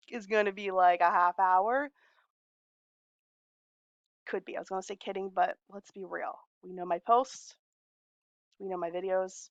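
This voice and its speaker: A woman's voice: medium pitch, measured pace, long pauses, no echo, highs cut off. A woman in her forties talking in a long, rambling, heartfelt personal message to friends, laughing often. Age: 40s.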